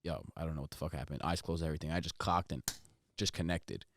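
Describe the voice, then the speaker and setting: A man's voice: extremely low pitch, steady tone, fast talker. A young man in casual podcast chat, blunt and laid back, swearing freely. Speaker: podcast co-host.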